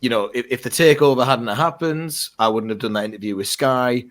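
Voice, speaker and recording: Male radio presenter, guest on a fan podcast, lively anecdotes. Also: medium pitch, a little fast. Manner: animated storyteller, mimics voices in anecdotes. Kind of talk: casual podcast chat.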